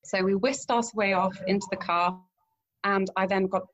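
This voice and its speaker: A woman guest in an interview, telling a lively anecdote and acting out what people said, laughing often. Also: mid-range voice, normal speed, a little hiss or hum, poor audio. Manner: animated anecdote with acted-out quotes, laughs often. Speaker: guest, romance event planner. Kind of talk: storytelling in an interview.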